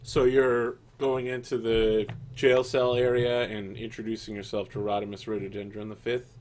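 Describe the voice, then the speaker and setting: A man narrating as game master in a relaxed, jokey way with many fillers. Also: lowish voice, moderate pace, a little hiss or hum.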